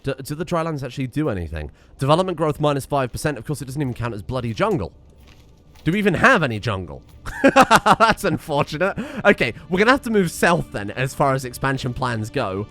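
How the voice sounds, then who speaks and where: Lively, chatty man narrating a strategy game. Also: mid-range voice, brisk, faint music behind. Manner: chatty, thinking aloud, wry asides. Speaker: let's play streamer. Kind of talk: casual gameplay commentary.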